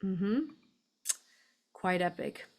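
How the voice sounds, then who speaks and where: A woman's voice: fairly low pitch, fairly even intonation, extremely slow. A woman from the United States hosting a spiritual live stream, talking casually and effusively with frequent laughs and fillers. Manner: chatty, effusive, laughs often, many fillers. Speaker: host of a spiritual live show.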